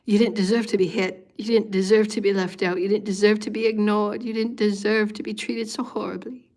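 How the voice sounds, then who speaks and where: A woman's voice: medium pitch, flat delivery, fairly quick, a little mellow. A woman hosting a live meditation and giving an intense spiritual talk. She repeats phrases in a pleading way and sometimes drops to a whisper.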